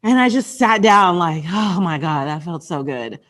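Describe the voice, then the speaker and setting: A woman in her thirties co-hosting a parenting podcast, chatting casually and telling animated stories with acted-out screams and quoted voices. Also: fairly low pitch, normal speed. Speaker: podcast co-host. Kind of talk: casual chat.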